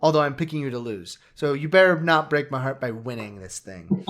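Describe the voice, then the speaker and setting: A man's voice: mid-range voice, expressive, a little fast, a bit bright. Man, podcast co-host, casual football chat, chatty, rambling, self-deprecating. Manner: chatty, self-mocking, trailing off.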